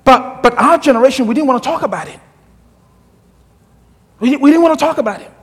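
Middle-aged African male pastor, very high voice, humorous storytelling sermon, long reverb of a church hall. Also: animated, brisk. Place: church sanctuary.

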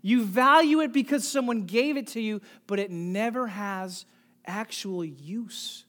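A pastor preaching a sermon, asking the congregation direct questions and swinging from soft near-whispers to loud emphatic calls. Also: medium pitch, unhurried.

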